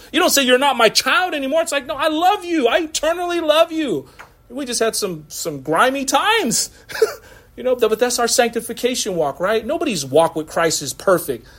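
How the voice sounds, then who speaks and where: High-voiced pastor preaching casually. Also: male voice, fairly bright tone. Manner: conversational, laughing often, acts out quotes. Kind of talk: sermon.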